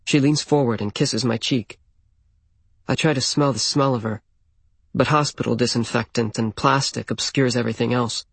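A man narrates a first-person story, plain and intimate, at a middle pitch. His voice is a touch husky and sits dry and close to the mic. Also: fairly even intonation, moderate pace, no echo.

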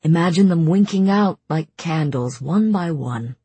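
A woman voicing a male faerie lord who speaks in a calm, firm, commanding way. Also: lowish voice, a little slow, husky, no room sound, full character voice.

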